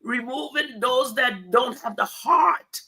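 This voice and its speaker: A woman's voice: high voice, slow, bright, forceful tone, breathy edge. An older woman in church leadership, speaking earnestly in a preaching style about faith. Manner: earnest, exhorting.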